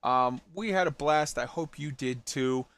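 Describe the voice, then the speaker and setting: A man hosting a podcast in casual chat, joking and telling animated little stories. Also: mid-range voice, unhurried, clear, resonant tone. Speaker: podcast host.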